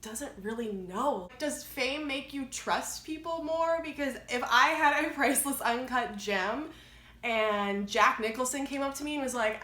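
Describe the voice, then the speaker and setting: A young woman rambles through a casual movie review, leaning on plenty of filler words as she goes. Her voice sits a little high for a woman. The room around her rings with a noticeable echo. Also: unhurried, pushed and bright. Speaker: vlogger. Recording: echoey room.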